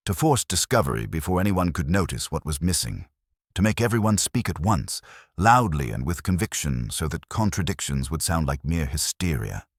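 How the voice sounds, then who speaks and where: A man with a very deep, husky voice playing a calm, incisive aristocratic detective who speaks with quiet precision. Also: moderate pace, dry recording, studio quality, full character voice. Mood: measured.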